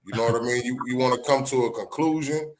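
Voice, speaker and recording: A man co-hosting a live talk stream, chiming in with measured remarks. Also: medium pitch, background noise. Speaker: podcast co-host. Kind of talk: casual talk.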